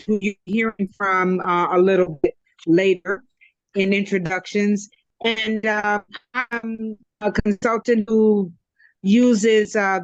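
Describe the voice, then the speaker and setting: A woman's voice: mid-range voice, no room sound. Woman consultant on a muffled, dry line. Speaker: independent consultant. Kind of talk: self-introduction on a video call. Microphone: video call. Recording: dull, dry call audio.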